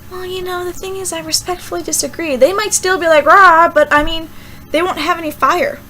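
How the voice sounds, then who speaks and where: A young woman, a student, rambling casually through a Bible verse vlog with lots of fillers and animated asides. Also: high voice, a little hiss or hum, poor audio. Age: young adult. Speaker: student vlogger.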